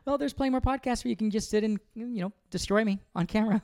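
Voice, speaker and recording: A man's voice: high-pitched, quick pace, vocal fry, a little mellow. A man in his thirties co-hosting a podcast, answering his partner in wry, mock-defensive banter. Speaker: podcast co-host. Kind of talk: casual couple banter.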